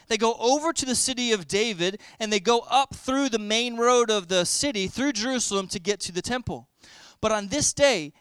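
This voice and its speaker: A man's voice: sits high, fairly bright tone, smooth, dry recording. A man preaching a sermon, telling a story vividly and explaining word meanings to his listeners.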